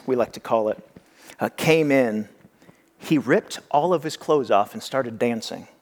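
A man's voice: a little high, fairly bright tone. A young adult man preaching a sermon as pastor, talking conversationally and acting out the voices he quotes. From California.

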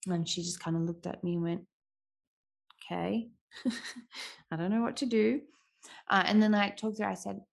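A mother talks through her own parenting in an earnest, reflective way. Her voice has a gravelly, creaky texture at a mid pitch, and she often restarts her sentences. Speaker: parenting speaker. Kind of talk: casual talk on parenting.

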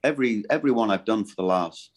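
A middle-aged man with a deep, low voice talks casually as an interview guest. He rambles and restarts often, circling his thoughts in a relaxed conversational way. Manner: rambling, halting and self-correcting. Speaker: voice actor guest.

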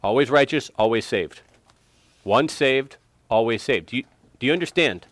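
A man's voice: mid-range voice, lively intonation, moderate pace, no echo. Man, Bible lesson, questioning, emphatic, dry sound. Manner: questioning, emphatic, prods students for answers. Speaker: Bible study teacher.

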